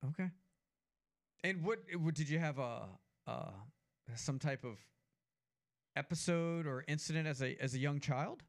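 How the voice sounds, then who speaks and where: A man co-hosting a sports talk show, his voice pitched high and full of gravelly fry. He keeps the banter playful and teasing, and he reads listener messages aloud. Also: a little slow, long pauses. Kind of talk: casual chat.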